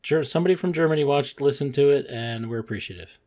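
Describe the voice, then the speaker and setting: A man co-hosting a casual movie podcast, animated and laughing, swearing casually. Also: mid-range voice, quick pace. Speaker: podcast co-host.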